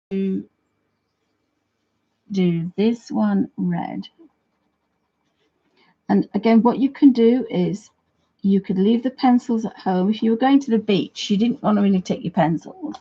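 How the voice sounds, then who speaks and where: An art tutor hosting a livestream demonstrates watercolour techniques, greeting viewers, chatting casually and adding friendly asides while her sentences trail off and restart. Her mid-range voice is mellow and slightly husky, at a measured pace with long pauses. The audio is dull and lo-fi.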